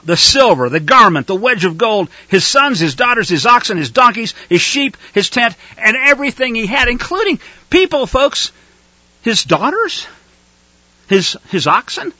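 A man preaching a sermon, reading scripture and rising into fiery, shouted outbursts. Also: high voice, dry recording, muffled recording.

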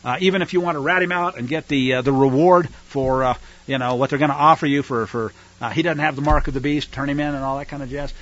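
A man's voice: mid-range voice, fairly even intonation, fast, a bit bright. A man teaching the Bible on the radio, reading scripture and breaking in with folksy, sarcastic asides. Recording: dull lo-fi radio broadcast.

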